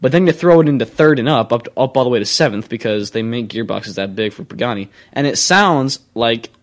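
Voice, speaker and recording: A young man co-hosting a casual car chat show, opinionated and rambling, quick to argue his point. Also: mid-range voice, animated. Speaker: co-host.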